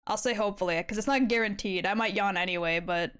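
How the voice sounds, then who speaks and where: A woman's voice: medium pitch, fast, a bit bright, clear, resonant tone. A young woman streaming live while she draws, chatting casually and swearing often as she rambles. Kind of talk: casual chat while drawing.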